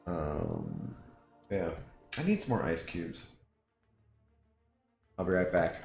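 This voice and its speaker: A man's voice: sits low, huge pitch swings, slow pace, gravelly, darkish tone. A man with a Southern US accent, casually chatting with his stream viewers in a rambling way and laughing often. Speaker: game streamer. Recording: roomy room echo, faint music. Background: faint background music.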